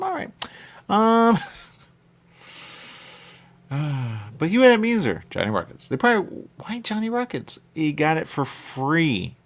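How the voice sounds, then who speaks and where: A man hosting a talk radio show, chatting casually in a rambling way and often checking in with "okay?". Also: medium pitch. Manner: chatty, keeps saying "okay?" and "there you go".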